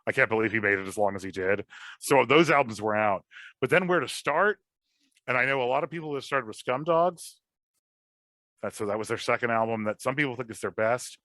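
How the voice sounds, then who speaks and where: A man in his thirties hosting a casual podcast chat, rambling and self-deprecating, animated as he talks. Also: medium pitch, fairly quick, dry recording. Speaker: podcast host.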